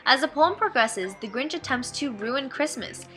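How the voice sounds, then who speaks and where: Bright-voiced teenage girl reading an essay. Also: high voice, expressive, normal speed, faint music behind. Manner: careful, evenly paced reading. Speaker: student. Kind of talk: reading a school essay aloud.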